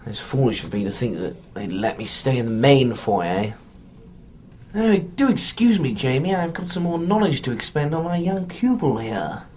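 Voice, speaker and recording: A woman's voice: rumbling low, very animated, moderate pace, a little mellow, a little hiss or hum. A woman voicing a pompous, condescending severed head of a male cemetery landlord.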